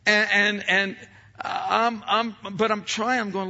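A man tells a story from the pulpit, stumbling and repeating words as he builds it up. His voice is bright and forceful and sits a little high for a man. The recording sounds slightly dull and lo-fi. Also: little pitch movement, slow pace, gravelly. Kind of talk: sermon storytelling.

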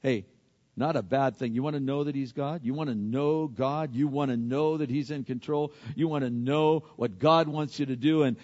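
Preaching man in an echoey hall. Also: medium pitch. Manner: swings between loud emphatic peaks and quiet hushed asides. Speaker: pastor. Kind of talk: sermon. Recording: dull lo-fi sound with long hall reverb.

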